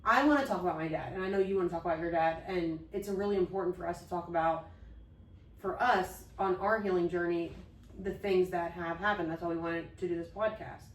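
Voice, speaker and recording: A woman's voice: fairly low pitch, steady tone, a little fast, echoey room, far from the mic, low-quality recording. A woman co-hosting a podcast, talking earnestly and openly about her late father and grief. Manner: earnest, open, loses her train of thought. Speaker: podcast co-host. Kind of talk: heartfelt conversation about grief.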